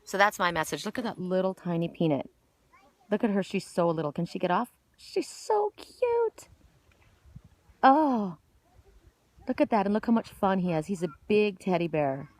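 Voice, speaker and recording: A woman's voice: fairly low pitch, fairly quick. Middle-aged woman, choked up, rambling heartfelt outdoor vlog talk. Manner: emotional, rambling, many restarts. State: choked up, tearful. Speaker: spiritual oracle vlogger. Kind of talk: casual outdoor vlog monologue. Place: outdoors sitting on a woodchip pile by a park.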